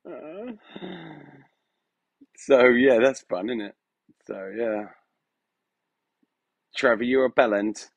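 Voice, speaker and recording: A man's voice: medium pitch, takes it slowly, long pauses, no echo. A man hosting a live stream, talking in a hesitant, rambling way full of fillers, his voice turning emotional at moments. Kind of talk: casual live-stream chat. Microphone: phone.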